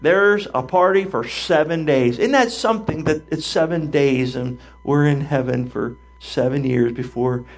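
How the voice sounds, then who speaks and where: Older male pastor, gravelly, animated storytelling sermon. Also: mid-range voice. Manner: animated storytelling, acting out voices.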